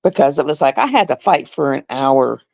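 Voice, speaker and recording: A middle-aged woman who works as a nurse, telling a story on a casual live stream in an animated, emphatic way and repeating words for effect. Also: deep voice, fairly quick, vocal fry, no room sound.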